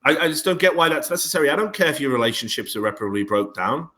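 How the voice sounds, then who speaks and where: A young man co-hosting a podcast, ranting in animated bursts and swearing freely. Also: fairly high pitch, racing. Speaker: podcast co-host. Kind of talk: casual podcast banter.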